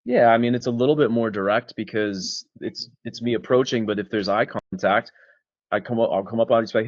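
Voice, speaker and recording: Guy talking dating tips, casual, swears a lot, deep-ish voice, dead dry slightly dull audio. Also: brisk, dry recording. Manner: casual, swears, acts out both sides of bar conversations. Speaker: dating coach. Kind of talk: casual coaching chat with role-played examples.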